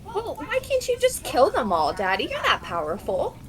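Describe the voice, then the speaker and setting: A spoiled, haughty young princess whines at her father in a high sing-song, as a woman puts her on. Her pitch swoops widely. She sounds snide and sleepy in a tabletop game scene. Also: wildly swooping pitch, moderate pace.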